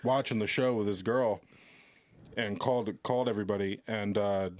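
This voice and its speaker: A man's voice: fairly low pitch, steady tone, moderate pace, no echo. A man who works security at a comedy club, telling rambling, profane anecdotes as a podcast guest. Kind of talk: casual storytelling on a podcast.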